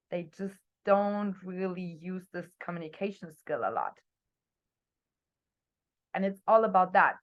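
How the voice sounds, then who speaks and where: A young woman coaching her team on a video call, talking energetically and expressively, her voice swinging between loud and soft. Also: medium pitch, normal speed, lo-fi sound. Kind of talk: motivational talk on a group video call.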